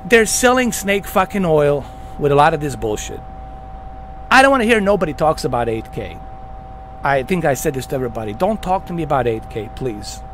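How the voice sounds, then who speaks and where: Fired-up man ranting, high animated voice. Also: a little fast, a little hiss or hum. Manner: heated, swearing constantly, emphatic repetition. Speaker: gaming channel host. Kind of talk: profane rant to camera.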